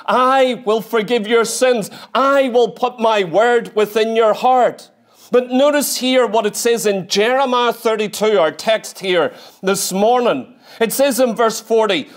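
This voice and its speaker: Emphatic high-voiced man preaching. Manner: emphatic, rhetorical questions, repetitive. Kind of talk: sermon. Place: church.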